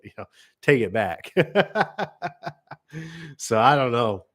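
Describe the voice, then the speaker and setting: A man's voice: mid-range voice, very animated, takes it slowly, fairly bright tone. Rambling middle-aged man telling job stories. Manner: rambling, acts out customer voices. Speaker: garage door business owner. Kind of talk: casual storytelling monologue.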